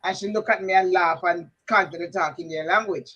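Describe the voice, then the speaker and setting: High, bright-voiced Jamaican man. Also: fairly quick, slightly rough, highs cut off. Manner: animated anecdotes, laughs at his own story. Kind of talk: casual chat.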